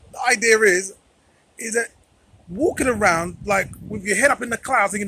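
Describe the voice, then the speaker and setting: A man's voice: high voice, moderate pace, pushed and bright, a little hiss or hum, low-quality recording. A man talking straight to camera in a commentary vlog, emphatic and repeating phrases for stress. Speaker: vlogger.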